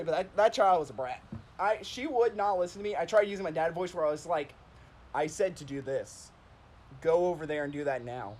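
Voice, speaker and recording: A man chatting on a stream, telling stories in a rambling way, with lots of "like" and laughing at himself. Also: high voice. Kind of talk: casual storytelling chat.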